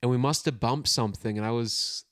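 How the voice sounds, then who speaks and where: A man's voice: mid-range voice, brisk, fairly bright tone, no room sound, clean studio sound. A young man co-hosting a podcast in casual chat, rambling and correcting himself with lots of "like". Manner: rambling, full of "like" and self-corrections. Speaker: podcast co-host.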